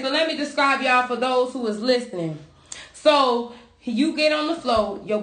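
Loud, high-voiced woman podcast co-host. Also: reverberant. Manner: loud, profane, animated storytelling. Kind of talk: casual chat.

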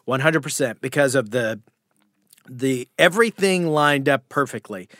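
A man chats on a podcast about doing impressions. He tells stories with animated turns and dips into other voices. The voice sits close and dry, with no room sound. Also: mid-range voice, moderate pace, no echo. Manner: animated storyteller who slips into impressions. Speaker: guest impressionist. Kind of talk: casual podcast chat.

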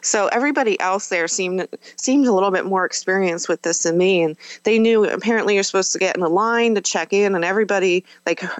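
A woman's voice: medium pitch, fast, hardly any pauses, no room sound, poor audio. A woman guest on a podcast, candidly recounting a personal experience in a conversational way, with fillers and self-corrections.

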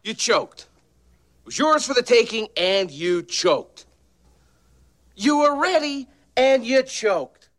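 A man's voice: very high-pitched, lively intonation, slow pace, long pauses, a bit bright, voice pushed up, full character voice. A man putting on a mocking movie-coach voice to taunt a team that choked, drawing out his words.

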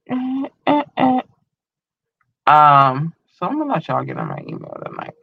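An online show host reading out casual shout-outs to listeners in a slangy, drawling way, swearing freely. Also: mid-range voice, gravelly, dull audio.

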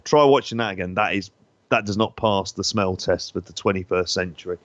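Low-voiced chatty London man. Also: a little fast, muffled recording. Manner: chatty, laughs often, rambling. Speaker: podcast co-host. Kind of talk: casual chat.

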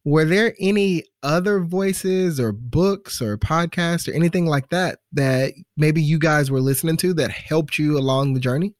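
A man's voice: fairly high pitch, normal speed, hardly any pauses, dry recording, studio quality. A man hosting a podcast who guides his guest through her story with questions. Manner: leads with questions. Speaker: podcast host. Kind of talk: interview questions.

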